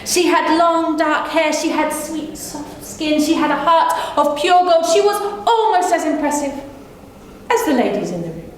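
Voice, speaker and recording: A woman's voice: sits high, expressive, unhurried. A woman storyteller performing live for a small audience, playful and teasing. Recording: echoey room with faint hum.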